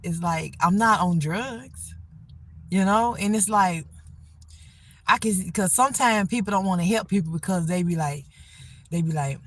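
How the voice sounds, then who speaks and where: A woman's voice: on the low side, moderate pace, long pauses. A middle-aged woman talking casually on a phone livestream, rambling earnestly about faith and getting by. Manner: rambling, faith-filled encouragement; plain-spoken, earnest.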